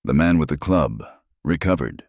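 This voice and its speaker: A man's voice: extremely low pitch, expressive, moderate pace, darkish tone, no echo, studio quality. A man narrating a frontier story in a dramatic, emphatic scripted style.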